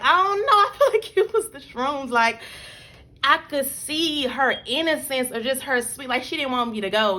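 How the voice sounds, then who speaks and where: A woman's voice: fairly high pitch, sharp tone. A young adult woman telling a personal story to her viewers in a loose, chatty way, full of "like" and "y'all". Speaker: vlogger. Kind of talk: casual storytelling.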